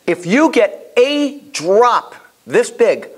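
A man teaching a Bible class in a casual, animated way, telling stories and often restarting his sentences. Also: high-pitched, very slow, slightly rough. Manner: animated, storytelling, repeats himself, many restarts.

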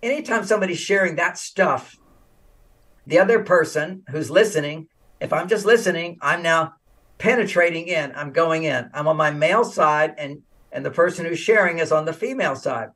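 An older American man, a relationship author appearing as an interview guest, talks casually and tells stories at a normal speed. His voice is high-pitched and animated; he acts out quoted dialogue and laughs often. The mic sounds slightly distant.

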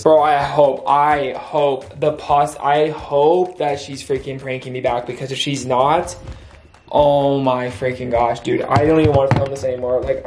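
A man's voice: mid-range voice, a little mellow, reverberant. A young man in his twenties filming a casual prank vlog, frantic and exasperated, saying bro and dude a lot. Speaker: vlogger.

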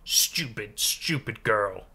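A tiny, bent old woman with a faint Dutch accent snaps and scolds, barking short orders, as a man puts her on. Her voice has a bright, sharp edge, and she sounds impatient and fierce. It belongs in a spoken horror story. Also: lowish voice, moderate pace. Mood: furious. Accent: Dutch-tinged.

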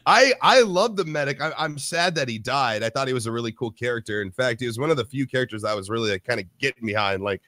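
A man co-hosting a TV podcast in casual chat, animated, swearing and acting out quotes. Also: medium pitch, fast talker, hardly any pauses, dry recording, studio quality. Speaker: podcast co-host.

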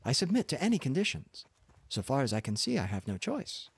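A man's voice: lowish voice, huge pitch swings, fairly quick, vocal fry, breathy edge, full character voice. A man voicing an earnest, proud young journalist who pleads and bristles at insults. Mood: pleading. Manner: pleading, then indignant.

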